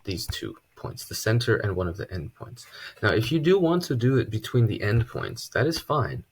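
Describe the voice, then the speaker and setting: A man teaching a casual math lesson at a board, relaxed and chatty, with joking asides. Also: sits low, slight background noise. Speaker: math tutor.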